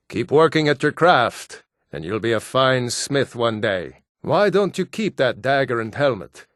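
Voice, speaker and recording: An actor voicing assorted gruff adult Nord men in a fantasy video game, blunt and plain-spoken. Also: male voice, medium pitch, no echo, clean studio sound, close to an everyday voice. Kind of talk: game voice lines.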